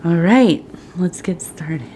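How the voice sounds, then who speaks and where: Middle-aged female tea leaf reader, soft rambling ASMR delivery, unhurried and low-pitched, faint room ambience. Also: expressive, a little hiss or hum. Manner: rambling, soft and partly whispered. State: slightly out of breath. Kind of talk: soft-spoken ASMR chat.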